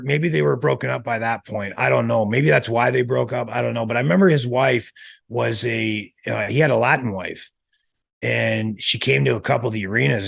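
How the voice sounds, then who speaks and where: A middle-aged man, a former wrestler, telling relaxed, rambling stories in an interview. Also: mid-range voice, gravelly, slightly rough. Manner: relaxed, rambling, many restarts. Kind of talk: casual storytelling.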